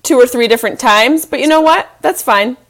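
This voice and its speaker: A woman co-hosting a podcast in casual chat, animated and teasing in how she talks. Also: high-pitched, brisk. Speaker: podcast co-host.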